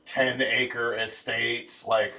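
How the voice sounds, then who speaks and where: Male podcast co-host, bright and lively, a little off-mic. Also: mid-range voice, extremely slow, distant mic. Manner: animated storyteller, laughs while retelling scenes. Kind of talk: casual chat.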